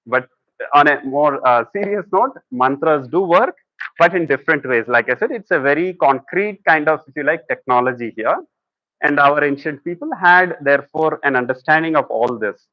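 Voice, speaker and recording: A man's voice: a little high, expressive, moderate pace, dry recording, highs cut off. A man giving a conversational spiritual lecture, often telling stories and quoting people. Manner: conversational, storytelling with acted quotes. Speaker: speaker at a talk.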